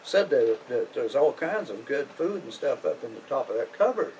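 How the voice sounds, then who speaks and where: A man's voice: mid-range voice, big pitch swings, normal speed, darkish tone, slight background noise, close to an everyday voice, poor audio. A man with a Kentucky accent voicing a crafty young trickster who talks in a coy, folksy drawl. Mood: sly.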